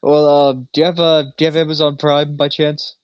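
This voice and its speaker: A man's voice: on the high side, level tone, a little fast, smooth, no echo, lo-fi sound. A man co-hosting a podcast in casual chat, telling a long story in a rambling way and laughing often. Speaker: podcast co-host.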